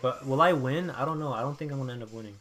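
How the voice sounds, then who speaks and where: A young man commentates his own game live in an ordinary mid-range voice. He talks in an excitable way, dropping to a mutter one moment and breaking into loud outbursts the next. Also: mid-range voice, very fast. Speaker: gameplay commentator.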